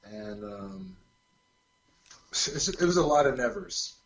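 Relaxed man from California, chatty guest, slightly dull audio. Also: mid-range voice, takes it slowly. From California, USA. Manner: easygoing, chatty, lots of "like". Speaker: guitarist guest. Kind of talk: casual chat.

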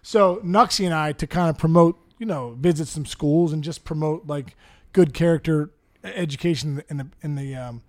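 A middle-aged man telling stories in a casual chat, animated, acting out the people in them and laughing often. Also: on the high side, moderate pace. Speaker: guest storyteller. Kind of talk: casual storytelling.

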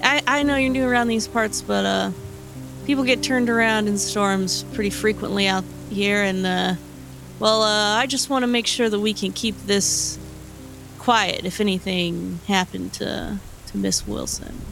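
Brief: woman as nervous small-town mayor, fry in the voice, stammering. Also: mid-range voice, fairly bright tone, soft background music. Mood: anxious, hushed. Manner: hesitant, halting, repeats words.

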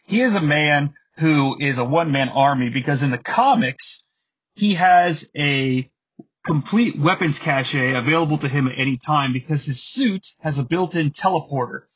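Husky, chatty man in his thirties. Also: fairly high pitch, normal speed, fairly bright tone, muffled recording. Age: 30s. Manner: chatty, digressive, with fillers. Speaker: podcast host. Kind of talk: casual solo commentary.

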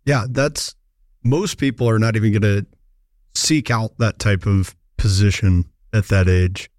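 A man's voice: fairly low pitch, unhurried, darkish tone, no room sound, clean studio sound. A man co-hosting a podcast, giving brief, encouraging prompts to a guest in conversation. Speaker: podcast co-host. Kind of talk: conversational interview.

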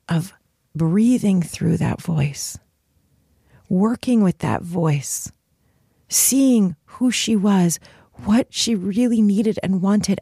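Woman podcaster talking earnestly, emphatic and open, mid pitch, dry close sound. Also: vocal fry, dark tone, breathy edge, no echo. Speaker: podcast host. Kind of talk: solo podcast monologue.

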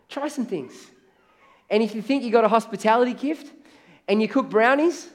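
High-voiced male pastor preaching. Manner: conversational preaching, acts out quoted voices. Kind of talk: sermon.

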